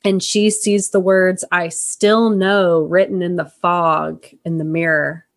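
British woman recapping a film on a podcast. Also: on the low side. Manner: lively storytelling recap, acts out reactions. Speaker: podcast co-host. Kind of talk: casual movie review chat.

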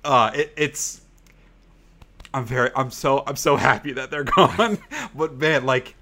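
A man's voice: mid-range voice, fairly even intonation, a little slow, bright, forceful tone. A man co-hosting a podcast who chats casually and rambles, swearing freely and using lots of "like". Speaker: podcast co-host. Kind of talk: casual chat.

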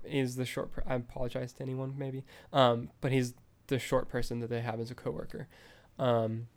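A man's voice: mid-range voice, a little mellow. A man hosting a film review podcast, retelling a scene in a casual, rambling way full of fillers.

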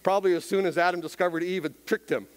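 A man preaching a sermon in an animated way, often questioning the congregation. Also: high-pitched, fast talker. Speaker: pastor.

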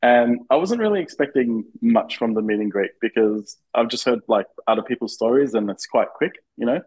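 A man's voice: medium pitch, expressive, a little fast, a little mellow, slightly rough, low-quality recording. An Australian man, a podcast guest, telling an eager, nervous story with lots of fillers and restarts. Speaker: interview guest, fan. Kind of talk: casual storytelling in a podcast interview.

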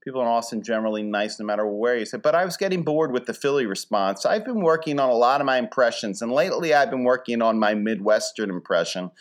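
A man's voice: mid-range voice, expressive, fast, few pauses. Wry rambling man from Philly. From Philadelphia. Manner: wry, rambling, dry humor with mock-grand wording. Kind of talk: casual comedic monologue.

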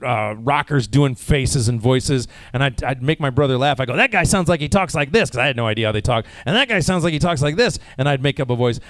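In this dry recording, a man with a medium-pitched voice answers fan questions during a relaxed panel Q&A. He's an American voice actor from the United States, slightly jet lagged, and his replies wander along in a chatty way, packed with fillers and false starts.

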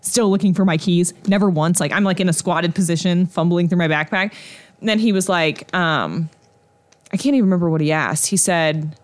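A young woman co-hosting a podcast, telling a story in a chatty, animated way with lots of fillers. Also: fairly low pitch, fairly quick. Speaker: podcast co-host. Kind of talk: casual chat, storytelling.

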